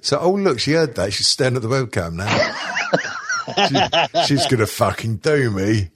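A man's voice: mid-range voice, sing-song, normal speed, heavy background noise. A man hosting a podcast, chatting casually in sweary, laughing banter. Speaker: podcast host. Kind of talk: casual chat.

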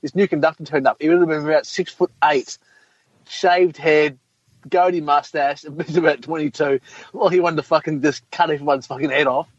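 A man tells a blunt, sweary story in casual chat. His voice sits a little high for a man. The sound is dry and muffled, with a lo-fi dullness. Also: fairly even intonation, brisk, no room sound.

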